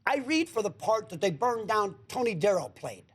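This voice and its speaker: Ny guy, husky kinda high voice, telling a crazy story and doing all the voices. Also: moderate pace. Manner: animated storyteller acting out quotes, repeats words. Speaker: guest. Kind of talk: storytelling chat. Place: radio studio.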